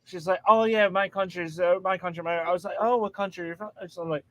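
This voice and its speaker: An American man hosting a casual chat, animated and laughing often as he acts out quotes. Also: high voice, fast, low-quality recording. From United States.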